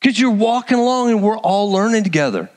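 Animated high-voiced preacher man, church reverb. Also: fairly quick. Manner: animated, calls people up on stage. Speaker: pastor. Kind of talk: sermon. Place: large church hall.

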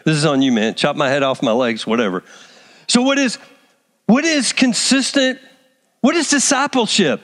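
A man preaching a sermon to a large church congregation, animated and conversational, calling people up to the stage. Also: a little high, moderate pace, big-room sound. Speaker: pastor.

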